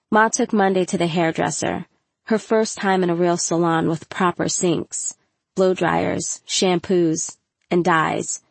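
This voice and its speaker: A woman narrating a first-person audiobook in a measured storytelling voice with casual slang. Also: fairly low pitch, gravelly, dry recording.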